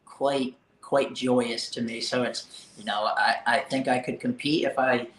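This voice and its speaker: Man, podcast guest, easygoing and halting, echoey room. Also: mid-range voice, steady tone, slight background noise. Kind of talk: casual chat.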